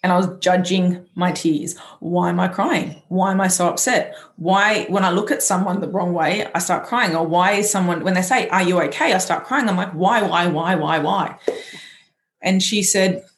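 Earnest woman, low voice, echoey room. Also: steady tone, normal speed, few pauses. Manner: earnest and candid, stumbles over words. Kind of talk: personal storytelling in conversation.

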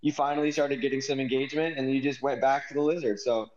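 A man's voice: mid-range voice, fairly even intonation, a little mellow. Teasing man on a dull line. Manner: teasing, mocking, quick comebacks. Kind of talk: casual chat.

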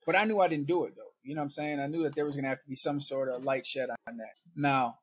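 A man's voice: medium pitch, fairly even intonation, fast talker, breathy edge. A man guest on a podcast, telling his story in a casual, conversational way and checking in with "right?".

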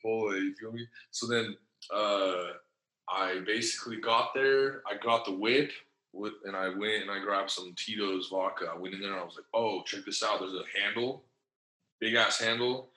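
Low-ish bright voiced guy telling a story, lots of slang and cussing, "like" everywhere, echoey room. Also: moderate pace. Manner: slangy and profane, rambling with many fillers; acts out other people's lines in changed voices. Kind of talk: casual storytelling.

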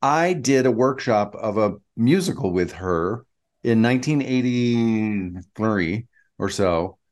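A man's voice: fairly low pitch, expressive, slow pace. A middle-aged man co-hosting a podcast in casual chat, eagerly chiming in and asking questions. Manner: eager, asks questions, chimes in. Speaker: podcast co-host.

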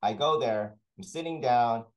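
A man's voice: mid-range voice, unhurried, poor audio. A man, a talent sourcer, chatting as an interview guest and telling rambling anecdotes full of restarts. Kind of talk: casual interview storytelling.

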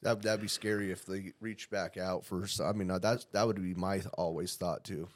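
A man's voice: sits low, steady tone. A man hosting a podcast, chatting casually with short agreements and plenty of swearing. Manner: profane, quick agreeing interjections. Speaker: podcast host. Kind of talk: casual chat.

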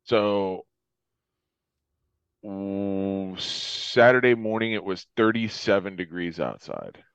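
A man's voice: low voice, animated, slow, clear, resonant tone, no echo. A man from Florida chatting casually as a podcast co-host, rambling, swearing freely and laughing often. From Florida, USA. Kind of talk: casual chat. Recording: dull lo-fi sound.

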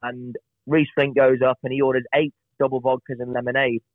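A chatty man spins self-deprecating anecdotes as a podcast guest, stumbling and restarting as he goes. His mid-pitched voice is thin and phone-like, with no room around it. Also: level tone, brisk, no room sound. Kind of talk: casual storytelling on a podcast. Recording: tinny phone-like line, dry.

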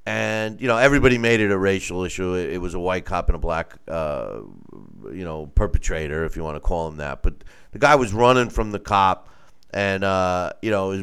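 Smooth-voiced man telling a rambling story. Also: deep voice, moderate pace, fairly bright tone. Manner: rambling, repeats words, acts out quotes. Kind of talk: casual call-in chat.

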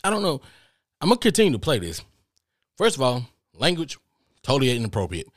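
A man's voice: mid-range voice, huge pitch swings, a little fast, no room sound, clean studio sound. A man hosting a podcast, giving emphatic commentary and often repeating himself as he reacts. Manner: emphatic, repeats words when worked up. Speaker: podcast host. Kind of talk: casual commentary.

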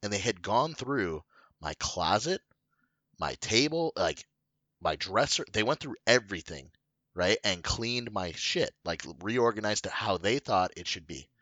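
A man's voice: lowish voice, lively intonation, unhurried, pushed and bright, no room sound. A man telling a long story in casual chat, rambling with lots of fillers and swearing. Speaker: podcast co-host telling a story.

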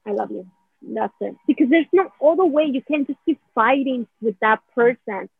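A woman's voice: high voice, lively intonation, normal speed, creaky, slightly rough, no room sound. A woman explaining a healing technique in casual conversation, rambling, saying "right?" a lot and acting out feelings in quoted asides. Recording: dry, phone-like narrow sound.

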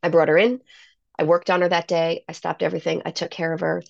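An enthusiastic woman telling stories as an interview guest, with a gravelly edge to her voice. The sound is dry and a little muffled. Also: fairly low pitch, little pitch movement, fast, no room sound. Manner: enthusiastic storyteller. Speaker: guest, salon owner. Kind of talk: casual interview.

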